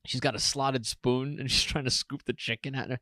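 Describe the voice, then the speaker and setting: A man's voice: mid-range voice, normal speed, no room sound, clean studio sound. A middle-aged man from New Jersey, co-hosting a podcast and telling funny stories with lots of swearing. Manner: animated storyteller, swears often. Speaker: podcast co-host. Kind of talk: casual comedic chat.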